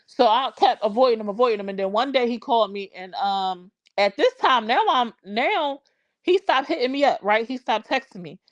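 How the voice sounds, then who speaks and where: A woman's voice: fairly high pitch, expressive, moderate pace, dry recording, muffled recording. A woman in her forties tells a personal story casually on a live stream, full of slang and greeting viewers mid-story.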